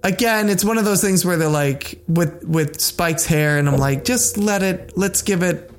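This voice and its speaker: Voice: mid-range voice, measured pace, a little hiss or hum. An upbeat podcast co-host chatting casually about nerd news, with a mid-range voice. This co-host teases the other and pushes back playfully.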